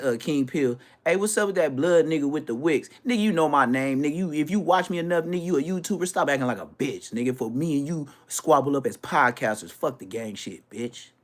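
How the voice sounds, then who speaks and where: A man from Florida, a YouTuber, ranting casually with brash, profane talk and quick mimicry of other people. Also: medium pitch. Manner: animated, brash, swearing, mimics others' voices.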